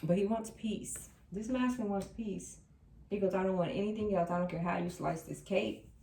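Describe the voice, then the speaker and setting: Animated woman reading tarot in an echoey room. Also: medium pitch, moderate pace, gravelly. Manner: animated, repeats quoted messages emphatically. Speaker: tarot reader. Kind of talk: tarot reading channeling messages. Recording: echoey room, a bit distant from the mic.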